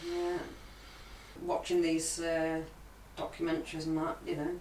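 A woman co-hosting a podcast, telling stories in animated casual chat. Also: low-pitched, unhurried, roomy sound, recorded from a distance, slight background noise, poor audio. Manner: animated storyteller, says "bloody". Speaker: podcast co-host.

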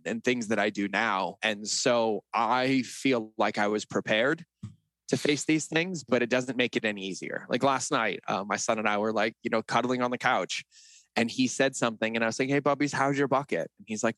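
A man's voice: lowish voice, a bit bright, no room sound. A middle-aged man as a podcast guest, telling personal stories in an earnest, reflective way. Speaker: interview guest. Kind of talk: conversational interview.

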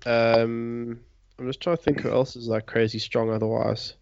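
A man's voice: medium pitch, flat delivery, moderate pace, gravelly, a little mellow. A man in a casual chat, chiming in agreeably with short remarks. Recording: dry dull lo-fi recording.

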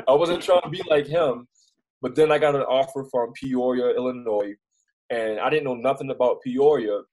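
Young man with a Baltimore accent, husky and mid-pitched, telling stories casually with many restarts. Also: normal speed, poor audio. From Baltimore, United States. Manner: rambling, animated storyteller with many restarts and fillers. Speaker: news reporter, interview guest. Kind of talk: casual storytelling in an interview.

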